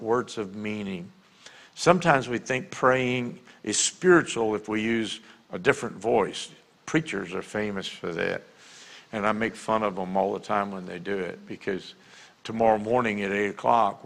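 A man in his sixties with a Louisiana accent, preaching a sermon in an earnest storytelling way that drops to a quiet hush at tender moments. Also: lowish voice, gravelly. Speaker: pastor. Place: church sanctuary.

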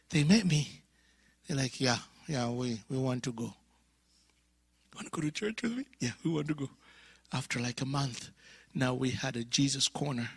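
A man's voice: medium pitch, vocal fry, slightly rough. A man in his fifties from Africa, preaching at a church conference and telling a story with acted-out dialogue and sudden whispers. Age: 50s. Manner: animated, acts out dialogue, drops to whispers. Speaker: guest preacher. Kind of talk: storytelling sermon.

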